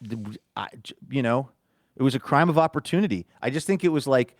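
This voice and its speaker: A man's voice: mid-range voice, animated, brisk, no echo. Rambling man telling a story, dry mic. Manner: rambling storyteller, self-amused. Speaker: podcast co-host. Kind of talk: casual chat.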